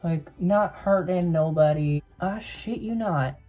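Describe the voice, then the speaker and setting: A man's voice: high-pitched, takes it slowly, mellow, dull audio, faint music behind. A young man in drag telling a spooky story to camera in a sassy, profane, dramatic way.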